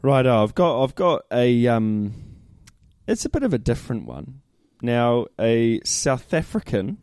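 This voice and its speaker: Podcast bloke, warm voice that swings up and down a lot, laid-back banter, calls people mate. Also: male voice, medium pitch, very animated, measured pace, no echo, studio quality. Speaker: podcast co-host. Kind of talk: casual chat.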